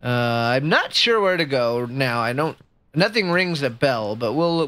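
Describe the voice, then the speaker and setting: In an unhurried way, a woman streams a game and makes relaxed conversation with her audience. Excitement or nerves push her into a high, squeaky voice.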